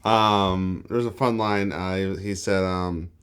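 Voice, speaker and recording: A man co-hosting a film podcast, talking casually in a halting way, full of fillers and restarts. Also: low voice, fairly even intonation, a bit bright, clear, resonant tone. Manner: halting, self-correcting, filler-heavy. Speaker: podcast co-host.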